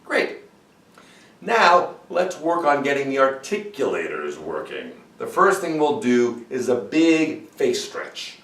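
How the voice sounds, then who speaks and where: A man teaching vocal warm-up exercises as a voice coach and demonstrating the sounds himself. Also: wildly swooping pitch, a little slow, few pauses, roomy sound, recorded from a distance. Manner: demonstrates sung vocal exercises, swooping high to low.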